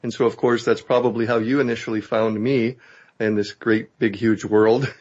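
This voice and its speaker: A man hosting a casual interview, speaking conversationally with many pauses and fillers. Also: lowish voice, little pitch movement, a little mellow. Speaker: host. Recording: dull lo-fi audio.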